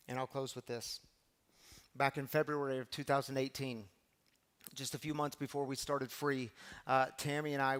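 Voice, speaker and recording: A middle-aged man preaching a recovery sermon, animated storytelling that swings from loud to hushed. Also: mid-range voice, clean tone. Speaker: pastor of a recovery community.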